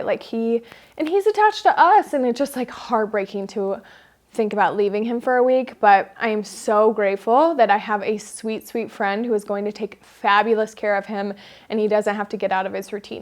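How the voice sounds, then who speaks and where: A woman vlogging, telling a dramatic, self-mocking story in a chatty way with lots of fillers. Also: mid-range voice. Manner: chatty, dramatic retelling with frequent "like" and "um"; playful, self-mocking humor. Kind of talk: casual storytelling to camera.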